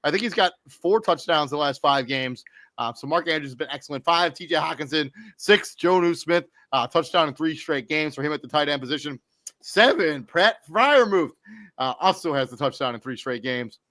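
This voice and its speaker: Bright, close-miked casual man talking football. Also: on the high side, expressive, normal speed, no echo. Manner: loose, off-the-cuff, self-correcting with fillers. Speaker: co-host giving fantasy football rankings. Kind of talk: casual sports podcast talk.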